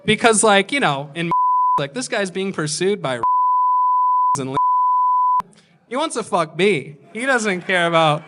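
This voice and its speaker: A man doing stand-up at a comedy club, telling a long story in a deadpan way and acting out what people said. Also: high voice, normal speed, very noisy. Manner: deadpan delivery with acted-out quotes.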